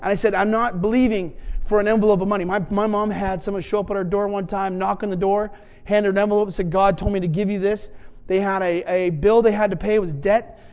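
A man's voice: high-pitched, fairly even intonation, quick pace, a little mellow. A man preaching, telling a personal story and acting out the voices of the people in it. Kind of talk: sermon storytelling.

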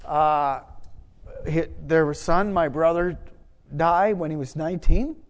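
A middle-aged man preaching a sermon, conversational and self-deprecating, building to loud emphatic moments. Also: fairly high pitch, takes it slowly. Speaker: pastor. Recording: long hall reverb.

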